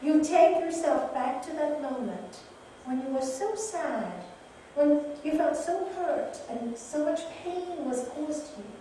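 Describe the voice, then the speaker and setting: A woman's voice: sits high, slow, warm tone, slight background noise. A woman, a raja yoga teacher, giving a spiritual talk and telling parables with acted voices. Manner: storytelling, acts out voices in her tales. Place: venue in a retreat. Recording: roomy echo from a distant mic, faint ambience.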